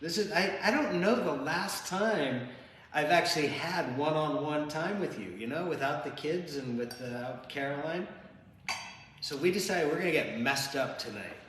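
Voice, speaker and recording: A man's voice: on the high side, lively intonation, moderate pace, fairly bright tone. A man in casual chat over drinks, teasing his companion and laughing often. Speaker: co-host. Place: home bar. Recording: echoey room with long reverb, faint hiss.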